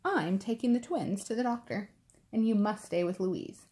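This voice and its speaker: A woman's voice: mid-range voice, moderate pace, warm tone, lightly acted. A woman voicing a firm, scolding mother fox.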